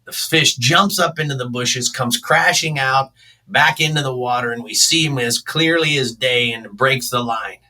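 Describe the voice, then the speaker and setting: A man's voice: mid-range voice, moderate pace, recorded from a distance, rough recording. A man, telling fishing stories in a casual interview. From South Florida, US. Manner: animated storyteller, acts out shouts. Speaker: fishing show host and charter captain.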